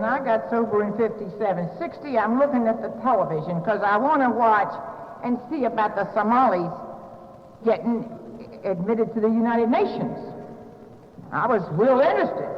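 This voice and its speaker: An older Southern woman tells her story with wry, self-mocking humor. Her voice sits high. It rings through a large echoey hall on a dull, muffled old recording. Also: expressive, moderate pace. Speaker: speaker sharing her recovery story. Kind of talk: storytelling talk to an audience.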